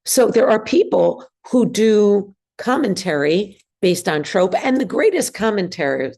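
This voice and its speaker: A woman teaching a synagogue class, speaking hesitantly with many ums and pauses. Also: mid-range voice, sing-song, a little mellow. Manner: hesitant, many ums, sings trope examples. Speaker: bar mitzvah trope teacher. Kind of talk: classroom lesson.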